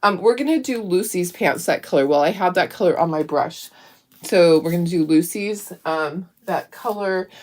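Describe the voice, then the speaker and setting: A woman's voice: lowish voice, moderate pace, darkish tone. A middle-aged woman hosting a craft stream, chatting and telling stories while she paints. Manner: chatty, tells stories while painting and reads viewer comments aloud. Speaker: craft channel host.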